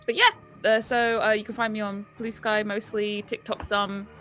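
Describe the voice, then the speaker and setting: A woman's voice: mid-range voice, level tone, normal speed, a bit bright, soft background music. A woman player introducing herself and her game projects in chatty, upbeat talk. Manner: chatty, upbeat, many fillers. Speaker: tabletop game player and designer. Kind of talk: casual chat, self-introduction.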